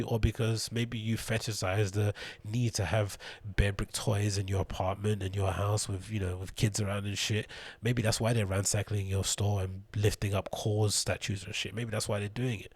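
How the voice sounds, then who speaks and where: Male host, low and slightly husky, rambling scornful solo rant with plenty of swearing. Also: fairly even intonation, a little fast, dry recording. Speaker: show host.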